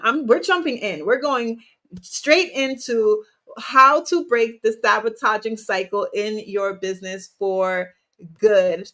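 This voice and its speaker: A woman's voice: mid-range voice, fairly bright tone. A woman hosting her own podcast as a business coach, talking energetically to listeners in a motivational style and often asking them questions. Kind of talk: motivational solo podcast talk.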